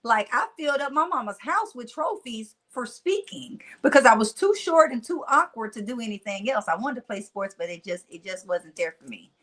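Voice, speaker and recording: A woman's voice: fairly high pitch, normal speed, few pauses. Twangy Mississippi woman telling stories. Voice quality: country twang. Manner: animated, laughs often. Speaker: motivational speaker guest. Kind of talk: casual storytelling interview.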